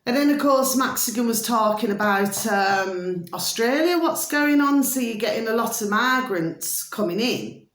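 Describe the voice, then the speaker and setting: A woman's voice: a little high, lively intonation, measured pace, fairly bright tone, reverberant. A woman with a Birmingham accent chatting casually to her viewers, rambling with lots of fillers and pet names. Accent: Birmingham English. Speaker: vlogger. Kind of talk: casual talk to camera.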